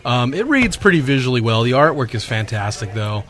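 Man, podcast co-host, mid-pitched voice, rambling, laid-back comic review. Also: brisk. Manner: relaxed, rambling, many fillers and restarts. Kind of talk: casual comic book review.

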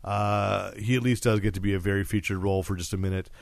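A man co-hosting a podcast, chatting casually about TV shows in a rambling, animated way with lots of fillers and restarts. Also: fairly low pitch, fast talker, creaky, no room sound. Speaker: podcast co-host.

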